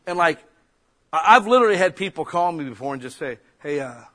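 A man preaches a sermon in a folksy, conversational way. His voice sits a little high, and it jumps now and then into loud, emphatic bursts. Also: lively intonation, fast talker. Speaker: pastor.

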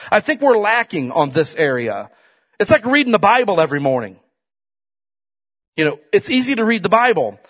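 A man preaching a sermon in a conversational style, swinging from loud emphatic peaks to quiet asides and often turning to the congregation with "right?" and "man". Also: fairly high pitch, husky.

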